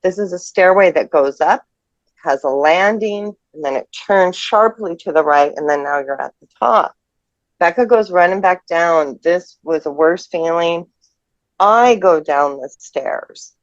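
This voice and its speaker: A tearful woman in her fifties telling a personal ghost story in a halting, emotional way. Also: fairly low pitch, dry recording. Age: 50s. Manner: halting, emotional, restarts mid-sentence. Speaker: person sharing a ghost experience. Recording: dull lo-fi dry audio.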